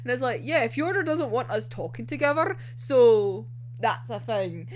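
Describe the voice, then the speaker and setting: A young woman excitedly recapping an anime episode, swearing and laughing often as she talks. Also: on the high side, moderate pace, slight background noise. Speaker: anime reviewer.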